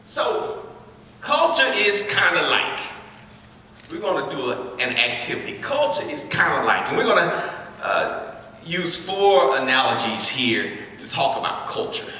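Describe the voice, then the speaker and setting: Man workshop leader, brisk crowd prompts, long hall reverb, faint room hiss. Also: a little high. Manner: repeats words, energetic crowd prompts. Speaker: speaker leading a school workshop. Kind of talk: interactive talk to students. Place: large echoey school hall. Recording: echoey hall recorded from far off.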